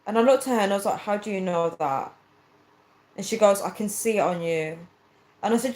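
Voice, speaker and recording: A woman tells a story on her livestream in a casual, chatty way. She acts out each line of the conversation, and her voice sits at an ordinary middle pitch. The sound has a roomy echo around it. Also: animated, fairly quick, pauses often, darkish tone. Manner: chatty storyteller acting out quoted dialogue, earnest. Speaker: livestreamer reading viewer comments.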